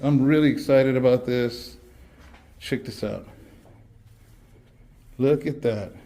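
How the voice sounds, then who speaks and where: A man's voice: mid-range voice, takes it slowly, dark tone. A man out of breath from walking, eagerly touring an empty church building and talking straight to viewers. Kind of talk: casual walkthrough vlog.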